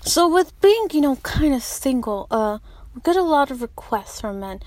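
A woman's voice: high voice, very animated, moderate pace, a little mellow, no room sound. A young woman hosting a casual podcast chat, blunt and profane, laughing often. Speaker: podcast host.

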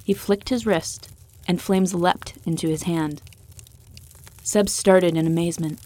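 A woman narrating a fantasy story with steady, even-paced storytelling. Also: lowish voice, a little slow.

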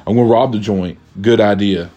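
A man voicing a dim-witted young male would-be robber in a low, dopey mumble. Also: brisk, mellow, lightly acted. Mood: scheming.

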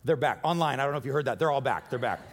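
A man preaching a sermon in a church, casual and joking, with animated bursts of energy. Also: mid-range voice, very fast. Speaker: pastor.

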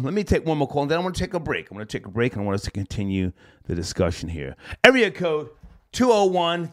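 A man hosting a call-in show, telling a rambling story in a casual, profane, animated way and laughing as he goes. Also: a little high, clear, resonant tone.

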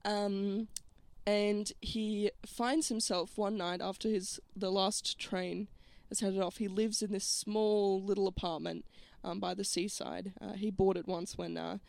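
A woman's voice: medium pitch, fairly even intonation, a little slow, vocal fry, hardly any pauses, darkish tone, no room sound. A woman narrating a comedic improv story with a hesitant, filler-heavy, giggly manner. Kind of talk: comedic improv role-play.

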